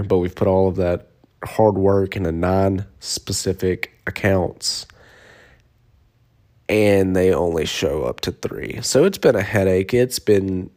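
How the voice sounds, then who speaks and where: A man in his twenties, a beer sales rep, casually telling stories in a rambling way, sleep deprived and swearing now and then. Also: low voice. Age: 20s. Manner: rambling, swearing, excitable when retelling. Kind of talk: casual storytelling vlog.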